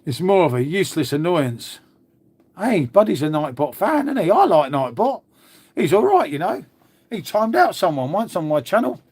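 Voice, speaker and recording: A man's voice: high-pitched, very animated, normal speed, darkish tone, breathy edge. A man hosting a casual live stream, chatting to viewers, reacting to comments and calling everyone "mate". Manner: chatty, calls people "mate" constantly. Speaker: livestream host.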